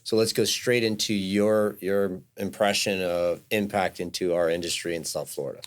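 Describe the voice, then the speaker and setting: A man co-hosting a podcast in casual talk, halting and stumbling over his words, joking around. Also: low-pitched, fairly even intonation. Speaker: podcast co-host. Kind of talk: casual interview chat.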